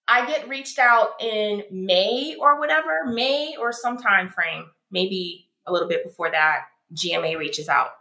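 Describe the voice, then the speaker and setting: A woman being interviewed, telling her story in an animated way and acting out what people said. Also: mid-range voice, a little slow, few pauses. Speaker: guest, founder of a foot care brand. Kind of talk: casual interview conversation. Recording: echoey room.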